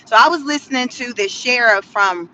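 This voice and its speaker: A woman with a high, bright voice talks straight to her viewers from inside a car. Her commentary is sassy and animated, and she laughs often between points. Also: normal speed, a little hiss or hum. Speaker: vlogger commenting on the news. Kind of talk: casual commentary vlog.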